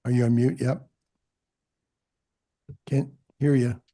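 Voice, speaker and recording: A man runs a formal public hearing from a meeting room, polite and a little halting as he swears people in. His voice is mellow and dark with a gravelly creak. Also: mid-range voice, little pitch movement. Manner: courteous, halting with fillers. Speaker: board chair.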